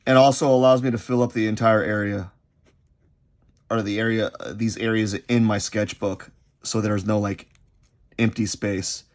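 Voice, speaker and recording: A man chatting unscripted while he sketches, rambling and halting, often repeating himself as his thoughts drift. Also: lowish voice, level tone. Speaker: artist vlogger.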